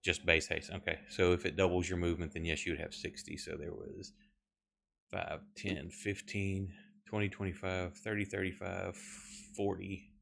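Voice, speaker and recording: This man has a very low voice and runs the tabletop game as game master. He talks in a halting way, with frequent filler pauses, as he counts moves and narrates the scene. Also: level tone, vocal fry, fairly bright tone, slight background noise.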